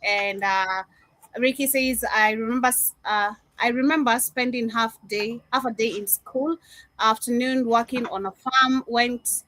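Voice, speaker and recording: Livestream co-host, female, bright and fairly high voice, reads chat with lively asides. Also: a little slow, no echo, low-quality recording. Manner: reads viewer comments aloud, animated asides.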